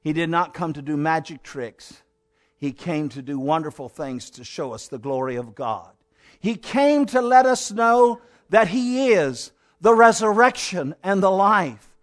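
High-voiced man preaching dramatically. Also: animated, a little slow. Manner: dramatic, addresses listeners as "my friend"; builds with repeated phrases. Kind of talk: sermon.

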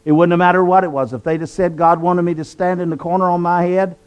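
A man's voice: high voice, steady tone, quick pace, clear, resonant tone. A man from southwestern Virginia, telling his conversion story in an earnest, preacherly way and repeating phrases for emphasis. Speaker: guest telling his testimony. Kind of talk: preacherly testimony.

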